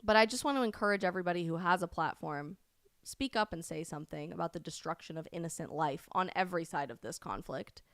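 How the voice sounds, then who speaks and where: Impassioned woman with a smooth, clear voice. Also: fairly low pitch, quick pace, dry recording, studio quality. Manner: emphatic, rising to loud indignant peaks. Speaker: host of a live stream show. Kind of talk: impassioned livestream commentary.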